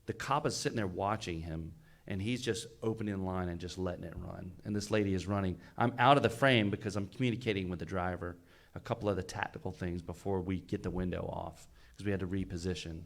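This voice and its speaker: A man's voice: deep voice, steady tone, fast talker, vocal fry. A man, a fire battalion chief, telling a rescue story in casual podcast chat, earnest and emphatic, often stumbling and repeating words. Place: recorded live on location at a fire expo.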